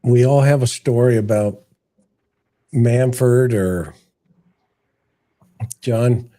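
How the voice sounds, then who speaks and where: A man co-hosting a casual live stream, chatting in a relaxed way with chuckling asides. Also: mid-range voice, drawn-out words.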